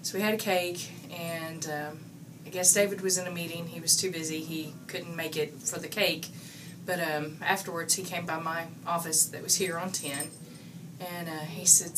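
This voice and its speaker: A woman in her forties telling a lively workplace anecdote, acting out the quoted lines. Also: on the low side, normal speed. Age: 40s. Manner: animated storytelling, acts out quoted lines. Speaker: coworker giving a tribute. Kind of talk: casual anecdote. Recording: distant mic with noticeable room noise.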